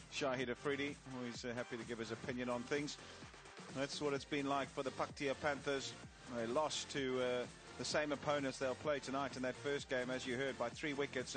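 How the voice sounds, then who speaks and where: A man presenting a cricket broadcast, talking casually with frequent fillers. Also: mid-range voice. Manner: chatty, filler-heavy presenting. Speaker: cricket commentator. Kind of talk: broadcast sports commentary.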